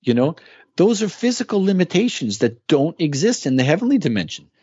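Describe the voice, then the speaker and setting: A man's voice: a little high, big pitch swings, brisk, a little mellow, husky, dry recording, dull audio. A man talking as a guest in a casual interview, explaining with earnest emphasis. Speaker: guest musician.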